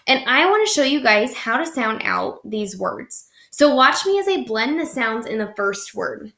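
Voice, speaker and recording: A young woman teaching young children a phonics lesson, slow and encouraging, stretching out each sound. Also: on the high side, big pitch swings, pushed and bright, roomy sound.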